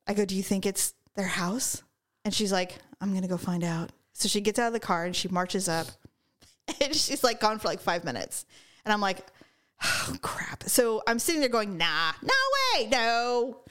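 A middle-aged woman from California tells a story in relaxed conversation. Her voice sits at an ordinary middle pitch, and she swears freely as she talks. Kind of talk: casual chat.

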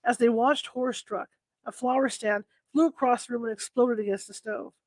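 Very high-voiced man reading ghost stories. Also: normal speed, dry recording, low-quality recording. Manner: steady reading with occasional slips and self-corrections. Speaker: storyteller.

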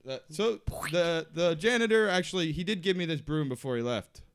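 A man's voice: fairly high pitch, clear, resonant tone, no echo, natural voice. A man playing a cocky, rambling inventor. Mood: scheming. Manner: rambling, boastful, halting. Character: brash male inventor pitching a sport, cocky. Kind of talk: improvised comedy podcast sketch.

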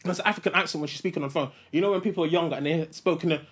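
A man's voice: on the high side, very fast, fairly bright tone. A man, co-hosting a podcast and arguing his point in a heated casual debate, insistent and talking over the others. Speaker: podcast co-host.

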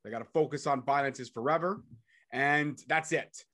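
A young man co-hosting a podcast, eagerly recapping events in a casual, hurried play-by-play chat. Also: mid-range voice, pushed and bright. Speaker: podcast co-host.

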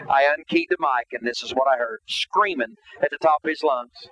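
Male preacher, testimony sermon, high voice, fervent, repeating lines for emphasis, faint background noise. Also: brisk, hardly any pauses, a bit bright, low-quality recording. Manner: fervent, repetitive, rising emphasis.

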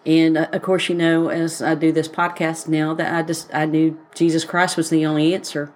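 A woman's voice: sits low, flat delivery, moderate pace. A woman with a Southern US accent co-hosting a podcast with her mom, telling a personal faith story in a rambling, casual way with many fillers. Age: adult, grown daughter. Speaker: podcast co-host.

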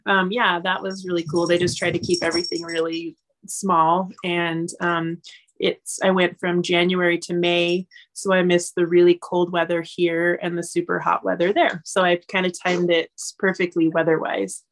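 A chatty woman in her forties from Wyoming, talking with a slightly low voice. She laughs easily and fills her pauses with ums as she reminisces in relaxed conversation. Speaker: guest. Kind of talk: casual conversation.

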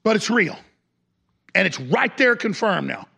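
A male broadcast host ranting hard in a raised, gravelly voice. His tone is tense and forceful, and he lurches from shouting to low growls. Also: big pitch swings, a little slow. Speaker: talk radio host. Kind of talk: impassioned broadcast monologue.

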